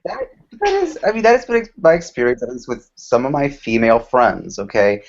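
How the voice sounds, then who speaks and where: A man's voice: mid-range voice, very animated, brisk. A man on a podcast panel, defensively arguing and restarting his point. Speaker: panel guest. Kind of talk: casual group chat. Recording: dull lo-fi podcast recording.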